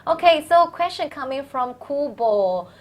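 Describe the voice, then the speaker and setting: A woman's voice: sits high, animated, measured pace. Chatty woman hosting a live Q&A. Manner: chatty, playful, laughs often. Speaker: host.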